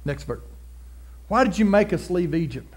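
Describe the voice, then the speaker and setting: A middle-aged male pastor preaching a sermon, folksy and down to earth, building into loud, fervent passages. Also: high voice, animated, normal speed, breathy edge.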